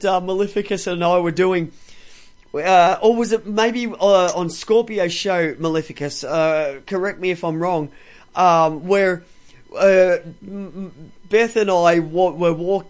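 A middle-aged Australian man hosting a radio talk show, rambling and swearing with many fillers and restarts. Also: high voice.

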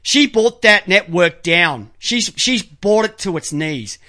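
A man on a live stream delivers an unscripted, combative rant full of profanity, calling people out by name. His voice sits high, sharp, and animated, and he counts items out loud slowly as he studies pictures.

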